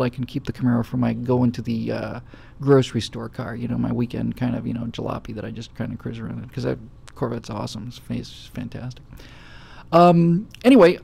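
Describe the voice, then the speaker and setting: Male host, middle-aged, very gravelly and husky, casual rambling chat. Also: mid-range voice, warm tone. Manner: rambling storytelling with many fillers. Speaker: show host. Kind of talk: casual talk-show chat.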